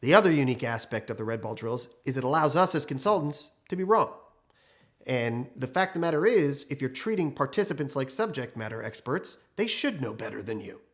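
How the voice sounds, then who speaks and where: A man's voice: medium pitch, lively intonation, fairly quick. A man working as a training consultant, telling a workplace case study in a conversational, anecdotal way. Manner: conversational anecdotal, acts out quoted people. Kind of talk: storytelling case study talk.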